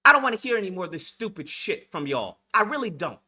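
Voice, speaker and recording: Man, high-pitched, bright edge; hosts a blunt, profane lecture-style rant. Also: big pitch swings, fast. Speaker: channel host. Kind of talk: heated monologue rant.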